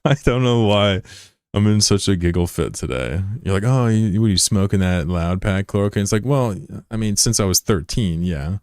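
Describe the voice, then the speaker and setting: Low, smooth-voiced man in his thirties streaming. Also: expressive, normal speed, a little mellow, no room sound, studio quality. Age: 30s. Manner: loose, profane, giggly banter with chat. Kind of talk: casual live gameplay commentary.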